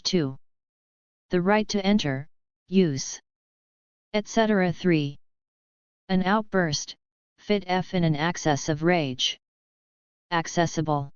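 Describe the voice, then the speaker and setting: A woman reading dictionary entries aloud in a slow, measured, list-like way. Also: lowish voice, clean tone, no echo, dull audio. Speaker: dictionary reader.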